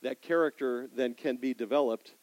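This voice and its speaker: A middle-aged man preaching in a church sanctuary, asking the congregation questions and swinging between loud emphasis and quiet asides. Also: mid-range voice, normal speed, dry recording, low-quality recording. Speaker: pastor. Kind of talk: sermon.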